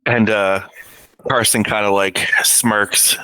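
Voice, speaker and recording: Bright-voiced man playing a tabletop game. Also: lowish voice, level tone, slow pace, clean tone, rough recording. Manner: casual, profane. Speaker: player.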